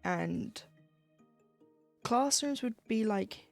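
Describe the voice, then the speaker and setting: A woman's voice: mid-range voice, normal speed, gravelly, mellow, no echo, faint music behind. A young woman chatting casually as she stitches on a live stream, telling rambling school stories with laughs. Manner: rambling storytelling with laughs and self-quoting. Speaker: livestreamer stitching cross-stitch. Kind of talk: casual chat while crafting.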